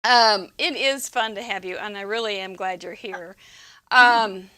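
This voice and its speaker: A woman's voice: medium pitch, a little slow, sharp tone, dry recording. A woman hosting a video podcast, chatting casually with her guest and laughing often. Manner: chatty, laughs often, jokes about the old days. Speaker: podcast host. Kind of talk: casual interview chat.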